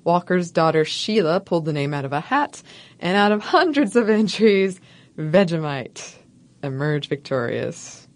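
A woman co-hosting a podcast, narrating a history segment from a script in a wry, playful way with soft laughs. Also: on the low side, big pitch swings, measured pace, no echo. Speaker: podcast co-host.

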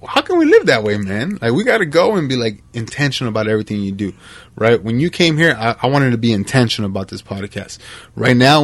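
Animated heartfelt podcast host, dry sound. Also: male voice, mid-range voice, no echo. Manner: animated, heartfelt, says "man" and "bro" a lot. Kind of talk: casual podcast conversation.

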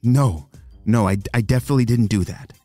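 A man voicing a young boy who panics easily, his voice going high and frantic. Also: dark tone, no room sound, faint music behind, close to an everyday voice. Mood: flustered. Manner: high, frantic and rushed when scared.

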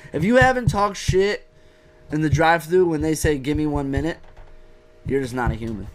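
A man's voice: on the high side, sing-song, fairly quick. Joking young man in casual chat. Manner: joking, teasing, laughs often.

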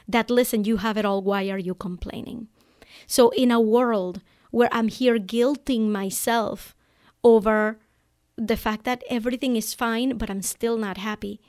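A woman hosts her own show, voice sitting a touch above the usual pitch. She tells her story in a heartfelt, emotional way, loose and conversational with plenty of "like" and "um.". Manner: casual with fillers like "like" and "um". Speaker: podcast host. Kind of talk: solo podcast storytelling.

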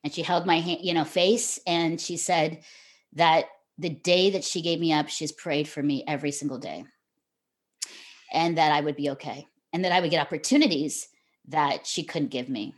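Low-voiced woman telling her story. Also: steady tone, normal speed. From Canada. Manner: earnest, heartfelt, frequent "you know" and restarts. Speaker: guest, television host. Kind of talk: emotional personal storytelling.

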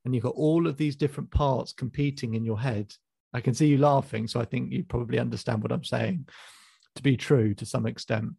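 A man coaching a client in a calm, probing session over a call, with frequent restarts. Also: mid-range voice, brisk, creaky, husky, no echo. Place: video call.

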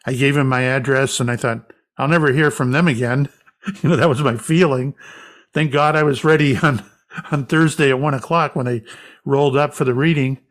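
A man with a mid-pitched, ordinary speaking voice tells a long story as an interview guest. He speaks as a medium recounting a session, lively and anecdotal, often slipping into the voices of the people in his tale. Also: fairly quick.

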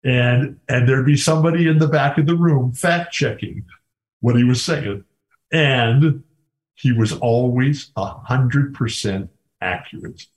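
With a medium-pitched voice and a measured pace, this former college basketball player, now an older man, shares eager stories as an interview guest, often starting over mid-thought. The recording quality is low.

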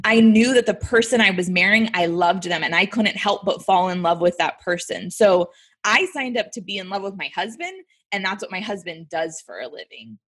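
A woman's voice: mid-range voice, normal speed, fairly bright tone, husky. A woman guest in an interview, speaking earnestly and emphatically about her experiences. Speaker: guest, military spouse. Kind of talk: interview conversation.

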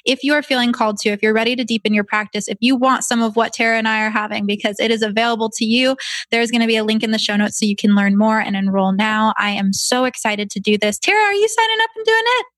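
Podcast host, woman, slightly high voice, gushing and effusive, dead-dry sound. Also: flat delivery, fast, fairly bright tone, dry recording. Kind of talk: casual podcast chat.

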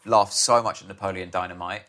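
A young man talks about films as a guest, his voice sitting on the low side. He rambles, stops mid-sentence, restarts and laughs easily, in a relaxed, casual way. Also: a little fast. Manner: rambling, self-interrupting, laughs often. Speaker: podcast guest. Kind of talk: casual chat.

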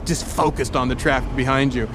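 A man hosting a podcast, telling a comedic story in an animated way with playful asides. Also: mid-range voice, brisk, background noise. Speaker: podcast host.

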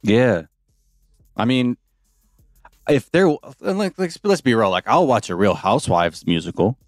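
A man's voice: medium pitch, unhurried, no echo, clean studio sound, soft background music. A male podcast host chatting casually and joking, often slipping into playful voices. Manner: joking, animated, playful impressions. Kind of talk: casual chat.

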